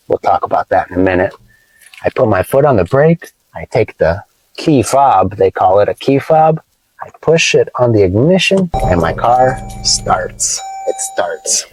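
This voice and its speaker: An American man teaching English vocabulary in a casual vlog from inside a parked car, playful and teasing, explaining slowly with lots of repetition. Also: lowish voice, darkish tone, no room sound, poor audio. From United States. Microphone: phone camera held by his wife.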